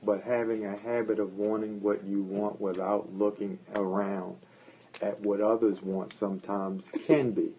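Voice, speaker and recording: A man co-hosting a podcast, adding calm, reflective comments. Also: fairly low pitch, a little slow, muffled recording, slight background noise. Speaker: podcast co-host. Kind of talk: casual chat.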